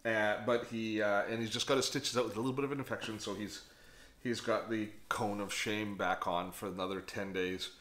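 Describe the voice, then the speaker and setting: A man with a bright, forward voice gives casual tech commentary straight to the camera. He is chatty and animated and often pauses to think aloud. The room adds a noticeable echo. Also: on the low side. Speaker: tech vlogger. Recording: echoey room.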